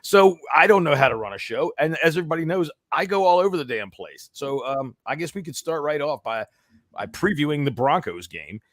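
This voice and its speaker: Hoarse, animated man hosting a podcast. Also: on the high side, brisk, dry recording, clean studio sound. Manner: animated, rambling, swears freely. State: voice worn from cheering. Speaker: podcast host. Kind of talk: casual chat.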